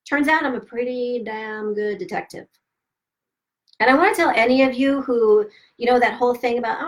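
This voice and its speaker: A woman's voice: fairly high pitch, moderate pace. Middle-aged woman, candid storytelling, emphatic, swears, acts out quotes. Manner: emphatic, swearing, animated retelling with quoted dialogue. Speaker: host of a self-help live stream.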